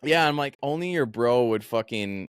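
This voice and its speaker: A man hosting a podcast, telling a story in an animated, profane, casual way. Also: mid-range voice, moderate pace, clear, resonant tone, no room sound. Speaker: podcast host.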